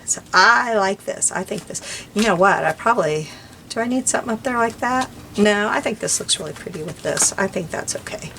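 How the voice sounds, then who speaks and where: A woman's voice: medium pitch, expressive, fairly quick, creaky, noisy background. An older woman chatting casually and rambling as she works on a craft journal, laughing lightly now and then. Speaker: crafting vlogger. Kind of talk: casual chat while crafting.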